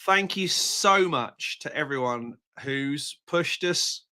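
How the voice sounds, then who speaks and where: Guy co-hosting a live chat show, bright tense voice, dry jokes, a bit high. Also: animated, clear, resonant tone. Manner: wry, theatrical, quick quips. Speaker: co-host.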